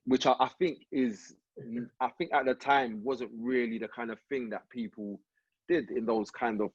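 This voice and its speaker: A man, a podcast guest telling a story in a relaxed, slangy way, recorded with slightly muffled sound. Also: medium pitch, moderate pace, slightly rough, no echo. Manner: relaxed slangy anecdote telling, frequent "you get me". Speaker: rapper and actor guest. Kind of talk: casual storytelling interview.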